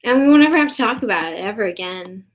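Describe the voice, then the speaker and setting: A woman's voice: medium pitch, lively intonation, fast. A woman rambling through an improvised comedy monologue at her desk. She is mock-earnest and builds into outrage. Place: indoors at a desk.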